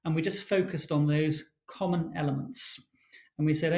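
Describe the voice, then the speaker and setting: A man speaking as a guest author in a livestream interview, telling his stories in a brisk, animated way. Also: a little high, poor audio.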